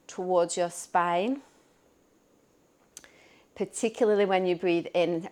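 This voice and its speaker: Yoga teacher, woman, smooth clear voice, calm upbeat pose-and-breath cues. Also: on the low side. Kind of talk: guided yoga class instruction.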